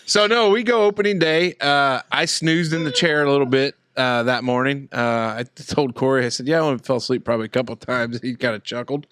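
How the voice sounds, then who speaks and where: A man co-hosting a casual podcast, telling a hunting story and acting out the voices of other people loudly. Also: mid-range voice, a little fast, few pauses, smooth. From Indiana. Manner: animated storyteller, acts out quotes loudly. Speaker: podcast co-host.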